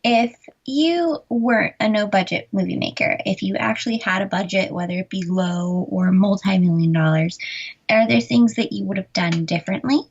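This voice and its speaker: Husky woman moderator, dull lo-fi sound. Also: medium pitch, moderate pace. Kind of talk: podcast Q&A moderating.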